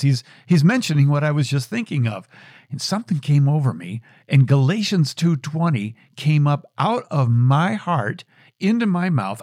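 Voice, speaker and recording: A man's voice: medium pitch, a little mellow, no room sound, studio quality. A middle-aged man hosting a show, telling a personal story in an earnest, reflective way with frequent restarts. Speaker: show host.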